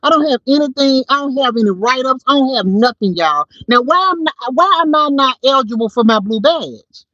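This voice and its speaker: Animated woman chatting on a livestream. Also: sits high, fairly quick, dry recording, highs cut off. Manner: chatty, animated storytelling to viewers. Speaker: livestream host. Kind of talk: casual livestream chat while driving. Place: car. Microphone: phone.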